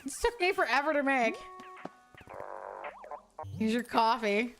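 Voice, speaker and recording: A woman's voice: high-pitched, expressive, measured pace, fairly bright tone, faint music behind. A young woman streaming a game, chatting casually with over-the-top, profane outbursts. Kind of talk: casual game livestream chat.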